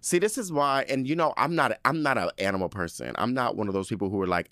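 A man's voice: fairly low pitch, lively intonation, fast talker, few pauses, bright, forceful tone, dry recording. A man hosting a podcast, telling a story as a dramatic, profane, laughing rant. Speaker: podcast host. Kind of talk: casual solo podcast rant.

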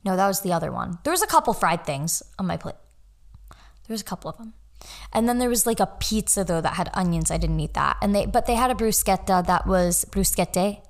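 A woman's voice: medium pitch, lively intonation, fairly quick. Young woman, podcast host, casual solo chat, rambling, chatty, sidetracked, mid-range voice. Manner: chatty, rambling, easily sidetracked, many fillers.

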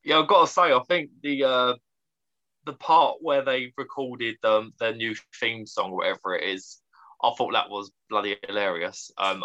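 Bright-voiced excitable male co-host. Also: medium pitch, highs cut off. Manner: enthusiastic, excitable. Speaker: podcast co-host. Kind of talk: casual podcast chat.

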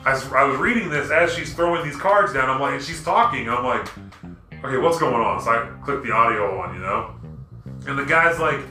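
A man hosting a casual podcast, telling stories in an animated, profane way and breaking into rants. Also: a little high, brisk. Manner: animated, profane storytelling and ranting. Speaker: podcast host. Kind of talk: casual chat. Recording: echoey room with music underneath.

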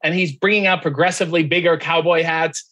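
This guest on a podcast has a fairly high voice and a brisk delivery. As he tells a story in casual conversation, he animatedly performs the voices of the people involved.

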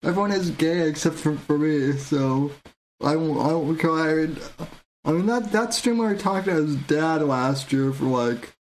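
A male podcast host giving casual commentary on video clips, halting and repeating his words as he goes. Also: a little high, slight background noise. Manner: halting, repeats words, slow to get going.

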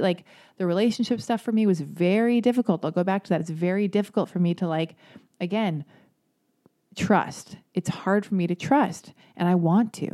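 A woman with a lowish, warm and mellow voice speaks candidly in a loose, rambling way. She swears freely and fills her speech with filler words. She grows emphatic when she gets worked up. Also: fairly even intonation, fairly quick. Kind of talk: casual chat.

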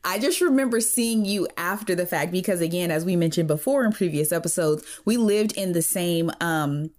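A woman's voice: lowish voice, moderate pace, darkish tone. Playful teasing woman co-host. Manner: playful, teasing, affirming interjections. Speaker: podcast co-host. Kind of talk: casual chat.

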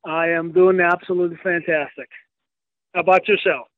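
Fifty-something man caller, friendly and chatty, high voice, dull dry phone line. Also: fairly even intonation, normal speed, no echo. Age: 50s. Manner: chatty, friendly, gives shout-outs.

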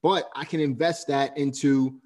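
A man's voice: medium pitch, steady tone, a little slow, a little mellow. A male host summing up a guest's story as lessons for listeners, coaching and checking in often. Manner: coaching, recaps points with "right?". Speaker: podcast host. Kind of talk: casual chat, summarizing lessons.

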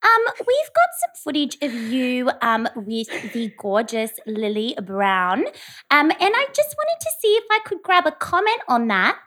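A woman's voice: high-pitched, huge pitch swings, measured pace, sharp tone, full character voice. A woman voicing a fake-polite female tabloid reporter on a prank phone call, full of ums. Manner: sugary professional tone full of ums. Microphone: phone on speaker.

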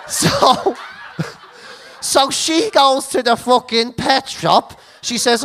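A woman's voice: a little high, animated, takes it slowly, fairly bright tone, a little hiss or hum. An Irish woman co-hosting a podcast, telling a comic story full of swearing and laughing through her lines. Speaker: podcast co-host.

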